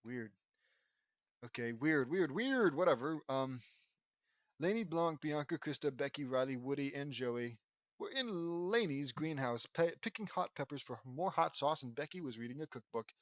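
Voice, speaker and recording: A man's voice: a little high, animated, normal speed, no room sound, clean studio sound. A man reading his own fan fiction aloud, casual and rambling, stumbling over names and breaking off to comment. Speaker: audiobook reader and author.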